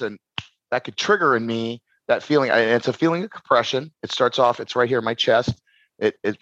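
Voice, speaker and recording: Rambling, animated man with a dry sound. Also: medium pitch, no room sound, highs cut off. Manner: rambling, repeats words and restarts, animated. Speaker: podcast guest, shadow work practitioner. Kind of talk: casual podcast conversation.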